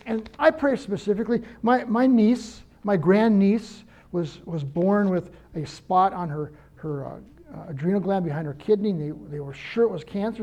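High-voiced older male pastor. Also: mellow, lo-fi sound. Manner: earnest, personal, anecdotal. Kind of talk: conversational sermon.

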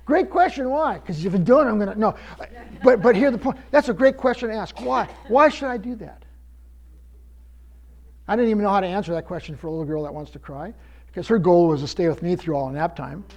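A man's voice: high voice, fast, darkish tone. A man preaching a sermon as pastor, often repeating words as he restarts, rising for emphasis.

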